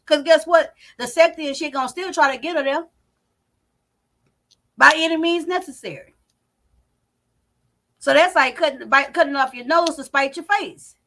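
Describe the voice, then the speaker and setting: A woman hosting a live commentary stream from home, loud and profane, talking straight to her chat. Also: high voice, moderate pace, long pauses. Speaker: commentary channel host. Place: home, indoors. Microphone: not on camera, live stream mic.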